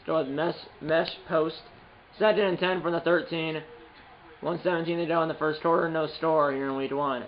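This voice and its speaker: High-voiced young-sounding man calling his game. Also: brisk, dull audio. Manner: rambling, self-correcting, bursts of excited calls. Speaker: gaming channel host. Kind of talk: play-by-play commentary while playing.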